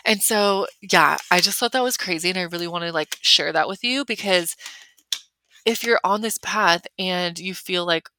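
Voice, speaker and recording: A woman's voice: fairly low pitch, moderate pace, pushed and bright, dry recording. A young adult woman hosting a solo podcast, talking in a chatty, emphatic way, full of "like". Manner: chatty, filler-heavy, emphatic with lots of "like". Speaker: podcast host. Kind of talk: casual solo podcast talk.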